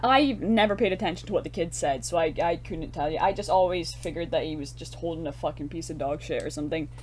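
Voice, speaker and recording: A woman's voice: deep voice, quick pace, a little mellow, slight background noise. A young woman co-hosting a casual film review podcast, retelling scenes in a loose, sweary, laughing way. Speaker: podcast co-host.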